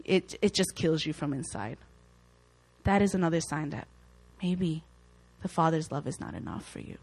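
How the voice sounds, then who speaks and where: A woman's voice: sits low, expressive, moderate pace, a little mellow, slightly rough, low-quality recording. Young woman, Christian speaker; informal, heartfelt Bible talk, conversational, acts out doubts. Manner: earnest, conversational, acts out worried inner voices.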